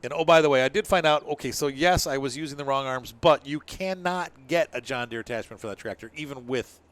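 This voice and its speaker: This is a gaming channel host running a casual let's-play, his medium-pitched, fairly bright voice moving a little fast. He chats and jokes while narrating each of his own moves in the game.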